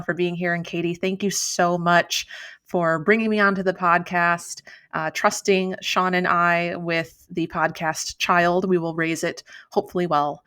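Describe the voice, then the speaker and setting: A woman co-hosts a podcast, welcoming guests and posing questions in an easy, chatty manner. Her voice sits slightly low for a woman. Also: fairly bright tone, clean tone. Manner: friendly, chatty. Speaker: podcast co-host. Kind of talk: podcast hosting.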